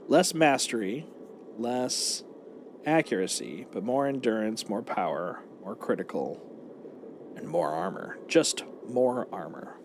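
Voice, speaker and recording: Playful male streamer with lively pitch. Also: slight background noise. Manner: playful, thinks aloud, lively ups and downs. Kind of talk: casual gameplay chat. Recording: game music behind voice.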